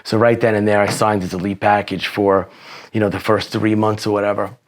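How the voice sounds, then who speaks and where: Male guest, lower register, loose profane storyteller who leans on filler phrases. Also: flat delivery, a little fast. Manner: profane, rambling, peppered with "you know". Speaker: podcast guest. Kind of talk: casual storytelling.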